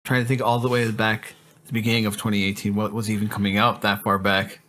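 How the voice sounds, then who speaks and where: Easygoing man with a bright voice. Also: fairly low pitch, flat delivery, fast talker. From United States. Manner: easygoing, agreeable, laughs often. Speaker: podcast co-host. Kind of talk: casual chat.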